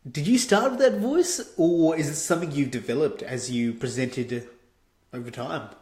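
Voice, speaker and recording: A man hosting an interview, asking thoughtful questions in a soft-spoken way. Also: fairly high pitch, normal speed, roomy sound. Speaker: podcast host, interviewer. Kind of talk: conversational interview.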